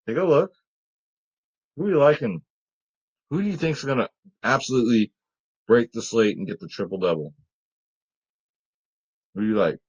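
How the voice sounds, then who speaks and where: A man's voice: medium pitch, animated, normal speed, pauses often. Chatty joking man giving sports picks. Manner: chatty and joking, talks to his cat. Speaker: fantasy sports picks host. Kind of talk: casual chat.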